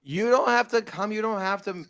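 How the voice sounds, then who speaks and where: A man telling stories in casual podcast chat, animated and campy, slipping into quoted voices. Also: high-pitched, normal speed, smooth. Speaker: podcast guest.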